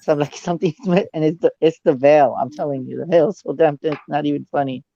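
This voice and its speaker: A male psychic giving a dramatic live reading over a video call. He often drops into low, hushed asides. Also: fairly even intonation, quick pace, creaky, highs cut off.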